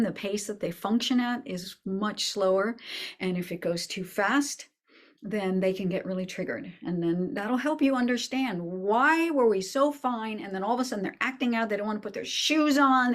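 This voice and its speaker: A middle-aged woman hosting a talk on young children, speaking casually to viewers, laughing often and dropping to a soft, hushed voice at times. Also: mid-range voice. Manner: warm, laughing, drops to soft near-whispers. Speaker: host giving parenting advice.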